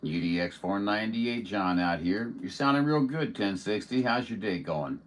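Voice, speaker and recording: Low-voiced man hosting CB radio chat from home, friendly and unhurried, faint hiss behind. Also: animated. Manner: friendly, drawn-out radio sign-offs. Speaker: CB radio operator hosting a livestream. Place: indoors at home.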